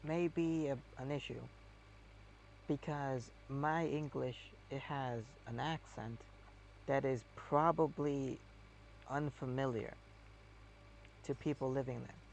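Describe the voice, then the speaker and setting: A man with a gravelly, fry-heavy voice chats casually as he plays. He rambles and hesitates, reaching for words, over a faint engine hum. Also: medium pitch, slow pace, pauses often. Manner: rambling and hesitant, with many fillers. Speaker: game streamer. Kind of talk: casual chat while playing a game.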